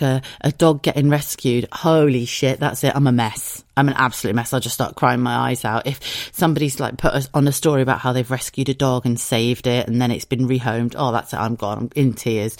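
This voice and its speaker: A woman, hoarse from tonsillitis, hosting a casual solo podcast. She rambles, swears freely and laughs often. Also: a bass voice, a little mellow, no echo, studio quality. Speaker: podcast host.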